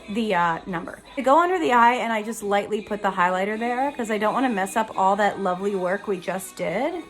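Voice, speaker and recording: A woman's voice: mid-range voice, normal speed, fairly bright tone, soft background music. A young woman talking casually through a makeup tutorial, chatty, giggly and self-deprecating. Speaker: Broadway actress doing a makeup tutorial.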